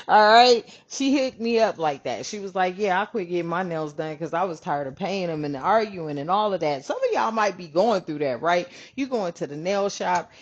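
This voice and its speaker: Chatty woman tarot reader, lively pitch. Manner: chatty, swears freely, calls viewers family. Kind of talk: casual spiritual channel talk. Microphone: camera on her hands. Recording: dull lo-fi sound.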